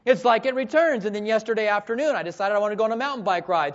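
A male pastor delivers a sermon as animated storytelling. His voice sits high, and he swings between loud bursts and hushed, intimate moments. The recording is dull and lo-fi. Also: fast, hardly any pauses. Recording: dull lo-fi sound.

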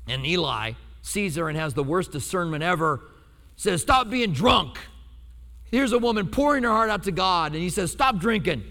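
A high-sitting male voice, a little on the fast side, belongs to a pastor delivering a sermon in church. He acts out quotes with humor as he tells animated stories, all heard through long hall reverb.

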